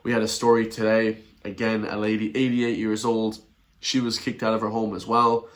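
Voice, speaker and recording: Lowish guy ranting at his camera, blunt and repetitive, keeps chuckling. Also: level tone, moderate pace. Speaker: online commentator. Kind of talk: ranting video commentary.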